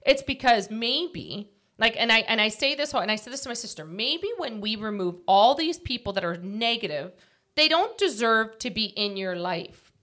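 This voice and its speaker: A woman's voice: a little high, expressive, moderate pace, pushed and bright. A woman co-hosting a casual podcast, telling stories and acting out quotes. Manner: chatty storyteller, acts out quotes. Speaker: podcast co-host.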